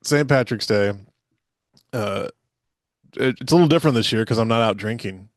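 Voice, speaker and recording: A man's voice: medium pitch, normal speed, no room sound, studio quality. A man hosting a podcast, leading loose, joking banter and rambling asides. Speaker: podcast host. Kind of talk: casual podcast chat.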